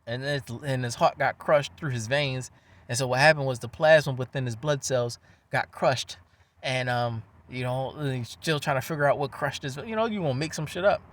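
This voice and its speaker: A man, ranting in a profane, rambling, animated monologue. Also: mid-range voice.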